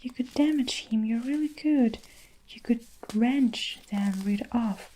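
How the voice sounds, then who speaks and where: A gentle young teacher begging for mercy, whispered by a woman reading a story. It is whispered role-play, with a soft and mellow tone. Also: fairly high pitch, slow pace, voice pushed up, poor audio. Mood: pleading. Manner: pleading.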